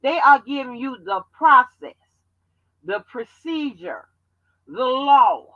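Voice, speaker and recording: A woman hosting a livestream, talking bluntly and profanely in animated commentary. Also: high voice, takes it slowly, dry recording, highs cut off. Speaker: channel host.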